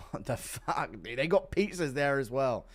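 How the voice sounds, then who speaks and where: Aussie guy on a stream, loud and crude, laughing a lot, pitch jumping all over. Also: lively intonation, unhurried. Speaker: livestream host reading donations. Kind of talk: casual livestream chat.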